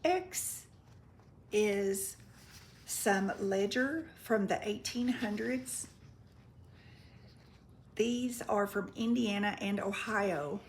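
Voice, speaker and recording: Slight background noise sits under this woman's mid-range voice. In a casual presale video, the online craft seller chats at an easy pace about her vintage paper and crafts, showing each item up close and fumbling foreign words.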